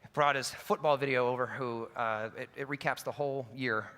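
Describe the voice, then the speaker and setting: A man's voice: mid-range voice, steady tone, brisk, pushed and bright. A man preaching a sermon in an earnest, personal storytelling way, with casual asides and self-corrections. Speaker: pastor. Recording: long reverb of a large hall.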